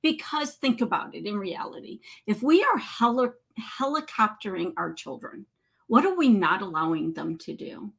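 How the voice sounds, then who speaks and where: A woman speaks as a counselor in a measured, teacherly voice. She explains things patiently and checks in with rhetorical questions. Her tone is conversational rather than scripted. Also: medium pitch, animated, creaky, husky.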